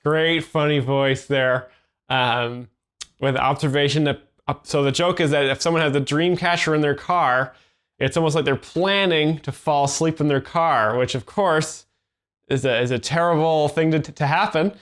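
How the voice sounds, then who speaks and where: Deadpan hesitant man explaining jokes. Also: a little high, normal speed. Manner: deadpan, hesitant, many fillers and restarts. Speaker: joke explainer. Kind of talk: deadpan commentary.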